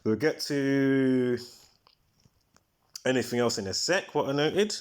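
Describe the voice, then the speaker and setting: A man hosts a live stream in a loose, conversational way, with a voice of ordinary middle pitch. He rambles from point to point and stresses his words emphatically. He often stops mid-thought to search his memory for a detail. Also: slow. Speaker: livestream host. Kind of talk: casual livestream commentary.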